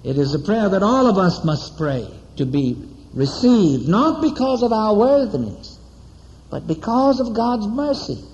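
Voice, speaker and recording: High-voiced preacher with long hall echo. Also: male voice, big pitch swings, unhurried, darkish tone. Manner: rhetorical, repeating questions to the congregation, dramatic storytelling. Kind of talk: sermon storytelling. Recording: dull, echoey church hall recording.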